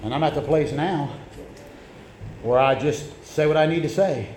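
A middle-aged male pastor preaching a sermon, telling stories and repeating words as he builds to shouted lines. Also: a little high, normal speed, roomy sound, a little hiss or hum. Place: church sanctuary.

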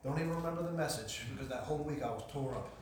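A man's voice: mid-range voice, racing. A man giving his testimony as a sermon, with an emphatic, repetitive preaching cadence, in a church. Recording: echoey hall from far off, faint hiss.

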